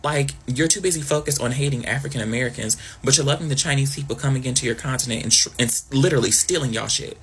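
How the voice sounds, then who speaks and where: A man's voice: medium pitch, fast, hardly any pauses, a bit bright, husky. A man ranting bluntly to the camera, exasperated and heavy on slang. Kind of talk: casual opinion rant to camera.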